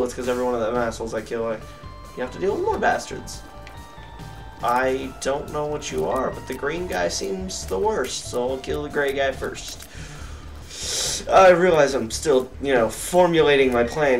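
A young man giving let's play commentary, cursing at enemies and getting excitable. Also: mid-range voice, moderate pace. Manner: profane, excitable, yells at enemies. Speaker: gamer. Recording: distant mic with game music behind.

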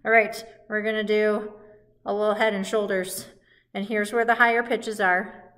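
A woman's voice: medium pitch, level tone, moderate pace, a bit bright. A woman teaching a music lesson to young children in a cheerful, sing-song call-and-response way, recorded at home.

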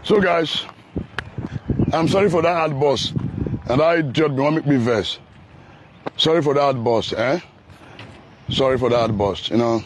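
A man's voice: medium pitch, unhurried, pauses often, noisy background. A man with a Nigerian accent, vlogging outdoors on a road under construction in casual, teasing, sometimes heated commentary.

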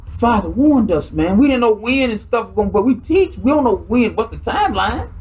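A man's voice: extremely high pitch, sing-song, normal speed, darkish tone, slightly rough. A man reading and commenting on scripture in class, speaking emphatically and often repeating words.

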